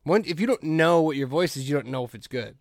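A man co-hosting a podcast in casual chat, talking loosely with plenty of fillers and quick agreeing replies. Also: a little high, animated, dry recording, studio quality. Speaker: podcast co-host.

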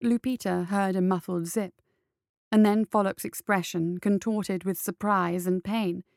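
Woman narrator, low and gravelly, steady storybook reading, close dry sound. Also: measured pace, dry recording. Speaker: audiobook narrator. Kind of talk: scripted narration.

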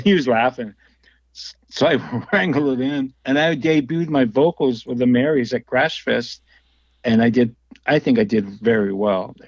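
A man's voice: mid-range voice, normal speed, no room sound, muffled recording. A man telling rambling stories as a music interview guest, with frequent laughs and restarts. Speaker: guest musician and label owner. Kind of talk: casual storytelling interview.

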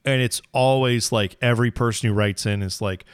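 A man's voice: mid-range voice, fairly even intonation, brisk, clean tone, dry recording, studio quality. A man co-hosting a racing podcast in casual chat, bantering with mock outrage. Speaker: podcast co-host.

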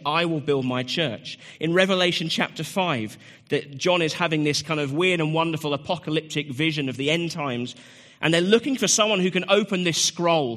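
Animated preacher in echoey hall. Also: male voice, on the high side. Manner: animated preaching, rising loud on scripture and dropping quiet for asides. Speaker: pastor. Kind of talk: sermon.

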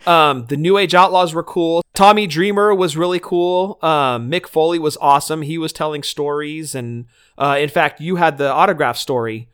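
A man co-hosting a podcast, telling stories in relaxed chat with lots of fillers and acted-out quotes. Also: fairly high pitch, normal speed, hardly any pauses, clear, resonant tone. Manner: animated storytelling with fillers. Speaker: podcast co-host. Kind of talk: casual chat.

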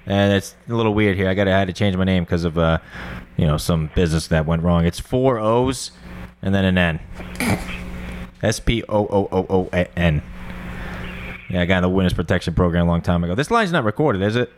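A man's voice: sits low, a little fast, a little hiss or hum, lightly acted. A man prank calling as a shady male caller in witness protection, hesitant and full of fillers. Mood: scheming. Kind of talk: prank phone call.

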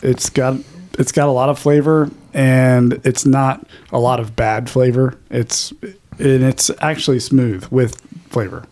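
A man who produces the podcast, chatting casually in a halting, laid-back way. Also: medium pitch, fairly even intonation, a little mellow. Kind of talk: casual chat.

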